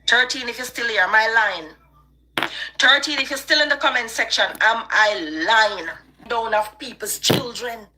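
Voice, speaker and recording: A woman's voice: on the high side, measured pace, pushed and bright. A woman with a Jamaican accent, hosting a live stream and delivering a passionate, preachy rant. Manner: emphatic and preachy. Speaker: online live-stream host.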